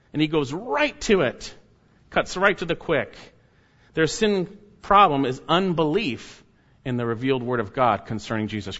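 A man preaching a sermon, stressing key words loudly and dropping to quiet, low asides. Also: dull audio. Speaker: pastor.

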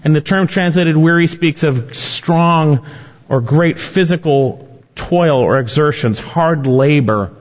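A man of middle pitch delivers an emphatic sermon, swelling on scripture and sinking to near silence at phrase ends. The recording is dull and lo-fi, with a long reverb trailing after each line as in a large church hall. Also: darkish tone. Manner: emphatic preaching, swelling and dropping in pitch and volume. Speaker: pastor.

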